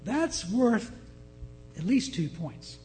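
A man's voice: high voice, very animated, slow, dark tone, big-room sound, faint music behind, full character voice. A man preaching, voicing the angel Gabriel, who weighs a man's deeds in a dry, understated way.

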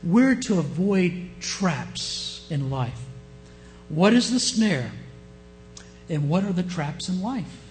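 A man with a Southern US accent preaching a sermon, often asking his listeners questions and shifting his pace and loudness. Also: high-pitched, big pitch swings, slow pace, soft background music. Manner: asks the congregation questions, varies pace and loudness. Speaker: pastor.

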